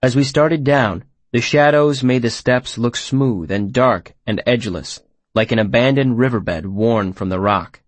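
A man narrating first-person fiction in a measured, expressive storytelling manner, on a close mic. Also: medium pitch, dry recording. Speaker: audiobook narrator.

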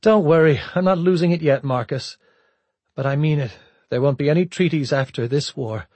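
A man voicing a grim, determined woman admiral with a cold, flat delivery. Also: fairly high pitch, normal speed, no echo, pitched above the performer's own voice, natural voice. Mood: tense.

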